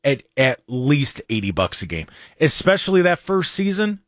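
A man hosting a casual talk show, animated and sarcastic, often dropping into mocking voices. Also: medium pitch, moderate pace, no echo, studio quality. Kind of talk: casual chat.

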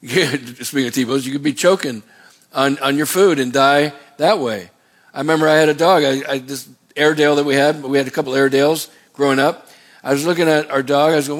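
A man's voice: mid-range voice, steady tone, a little fast. A middle-aged male pastor preaching a sermon in a folksy, rambling way, with asides and repeated words.

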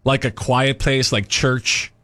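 A man's voice: mid-range voice, fairly even intonation, slow, pushed and bright, no echo. A young man co-hosting a casual chat, wryly grumbling and complaining for laughs.

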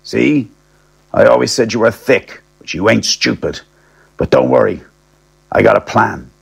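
A man's voice: on the low side, unhurried, vocal fry, husky, muffled recording, full character voice. A man doing a crude, mocking old solicitor. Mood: scornful. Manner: blunt, mocking and insulting. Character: crude scheming older male solicitor.

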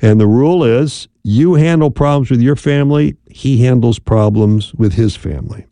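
A calm male radio host gives marriage advice in a low, gravelly voice. His tone is dark and mellow, and the dry studio sound keeps every word close. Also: no room sound. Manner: calm, measured, advising with frequent "right?" checks. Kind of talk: call-in radio advice talk.

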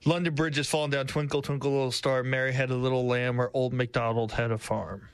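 A man producing a talk radio show, reading quiz questions in a low-key, deadpan way. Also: a little fast, clear, resonant tone, no echo. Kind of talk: casual on-air banter and quiz.

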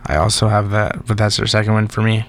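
A young man co-hosting a college radio sports show, blunt and quick to disagree in casual chat. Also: lowish voice, little pitch movement, a little hiss or hum.

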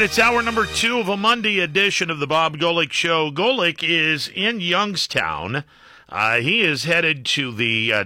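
A man hosting a talk radio show, chatting in a rambling, animated way with many fillers. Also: medium pitch, no echo, studio quality. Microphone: studio microphone.

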